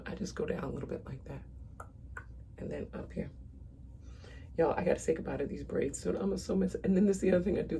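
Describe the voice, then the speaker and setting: A woman's voice: low-pitched, background noise. A woman in her thirties chatting casually to viewers while she walks through a makeup tutorial at home. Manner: chatty, talks straight to viewers as "y'all". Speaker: makeup vlogger.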